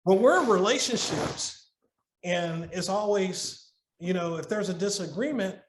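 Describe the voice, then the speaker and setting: A middle-aged man with a fairly high voice appears as a podcast guest, earnestly offering loose, conversational marriage advice at a measured pace. He stumbles, repeats and restarts words while working through a story. There's a noticeable roomy echo and some background noise.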